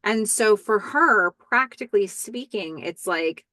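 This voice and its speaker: A woman hosts a casual recap podcast and talks through the scenes in a chatty way, quoting the characters in her own voice. Her pitch sits in a middle range for a woman. The sound is close and dry. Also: lively intonation, measured pace, sharp tone, no echo. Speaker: podcast host.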